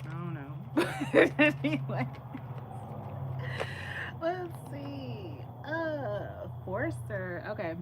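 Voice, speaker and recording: A woman tarot reader chatting casually on a live stream, telling blunt, profane stories and acting out other people's lines in a higher voice. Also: noisy background. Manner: candid storytelling, swears freely, acts out quotes in a higher voice.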